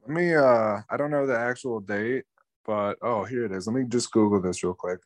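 A man's voice: medium pitch, moderate pace, no echo. A young man co-hosting a casual sports podcast, rambling in a frustrated tone and swearing now and then. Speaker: podcast co-host.

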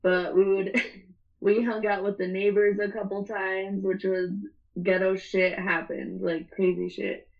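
Donna giovane dal parlare sboccato e ridanciano. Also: female voice, mid-range voice, flat delivery, measured pace, gravelly, highs cut off. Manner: rambling, profane, laughs often. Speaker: storyteller. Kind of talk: casual chat.

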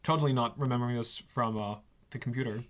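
A man's voice: medium pitch, a little hiss or hum. A man hosting a casual faith podcast, joking and laughing between points. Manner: jokey and laughing, quick asides. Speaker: podcast host.

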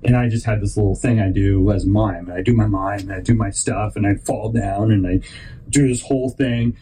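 A man's voice: on the low side, brisk, a little hiss or hum, poor audio. A man hosting his own podcast, telling a rambling personal story, often restarting sentences and acting out other people in raised voices. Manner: animated, acts out quoted people in raised voices. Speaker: podcast host.

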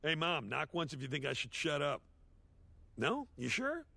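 A washed-up cartoon horse with a gravelly, husky low voice. His pitch swings widely as he rambles through sardonic, self-deprecating jokes, recorded close and dry. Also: sing-song, normal speed, pushed and bright, no room sound, exaggerated voice. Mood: awkward. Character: washed-up male horse sitcom star, sardonic, self-loathing. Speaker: eulogy speaker. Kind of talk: animated series dialogue, comic monologue.

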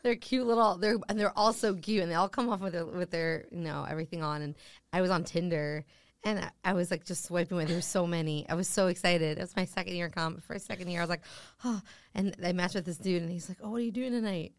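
A woman's voice: lowish voice, fast talker, clean tone, dry recording. A woman in her thirties, a comedian guest, telling stories in a casual podcast chat and acting out the voices of people she quotes. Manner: animated storyteller, acts out quoted voices.

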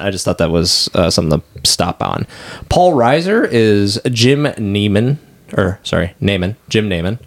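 A man's voice: deep voice, creaky. A man hosting a casual podcast, talking through a film and its cast with friends. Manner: talkative, breaks into short acted quotes. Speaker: podcast host. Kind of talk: casual movie discussion.

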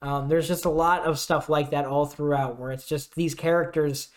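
A young man co-hosting a podcast, chatting casually and animatedly retelling scenes with quick put-on voices. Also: on the high side, steady tone. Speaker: podcast co-host. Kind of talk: casual chat.

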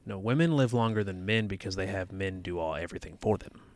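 A man's voice: sits low, quick pace, no echo. A man co-hosting a podcast, reading a horror book aloud and breaking off to joke and tease. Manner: joking, teasing, mock-dramatic quoting. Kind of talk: casual reading and banter.

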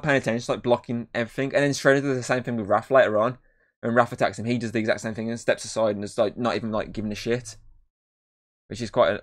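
Rambling young man reviewing a film. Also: medium pitch. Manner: rambling, lots of fillers and swearing. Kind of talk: casual podcast chat.

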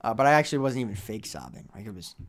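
A young man co-hosting a casual podcast chat, rambling through stories with lots of fillers and sudden drops and rises in loudness. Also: on the low side, very animated, rapid-fire, a little hiss or hum. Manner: rambling, filler-heavy storytelling with big swings in loudness. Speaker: podcast co-host.

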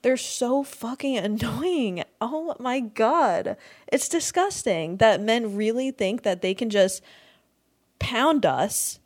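A woman's voice: fairly high pitch, lively intonation, slow. A young woman hosting a podcast, ranting in a crude, exasperated comedic monologue, swearing freely and breaking into laughter often. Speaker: podcast host.

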